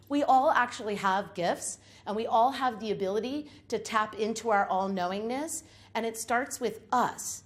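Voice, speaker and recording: A woman's voice: on the high side, moderate pace, hardly any pauses. Woman giving an uplifting stage talk. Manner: emphatic, uplifting, repetitive lists. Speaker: public speaker. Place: room with a live audience.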